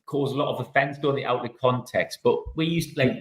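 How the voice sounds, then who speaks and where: Middle-aged bloke hosting a footy podcast, chatty, voice jumps up a lot, kind of echoey room. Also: male voice, a little fast. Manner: chatty anecdotes, leaps up in pitch when animated. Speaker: podcast host, ex-footballer. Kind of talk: casual chat. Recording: roomy echo.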